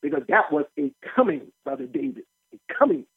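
A man preaching a radio sermon as pastor and host, animated and folksy, often laughing as he teaches. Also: fairly high pitch, a little fast, husky, no room sound. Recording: tinny phone-like line, dry.

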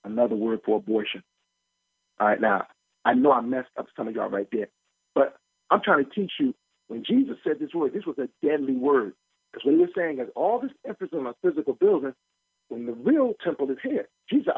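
A man preaching a radio sermon as pastor and host, animated and folksy, often laughing as he teaches. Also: medium pitch, a little fast, husky, dry recording. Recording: tinny phone-like line, dry.

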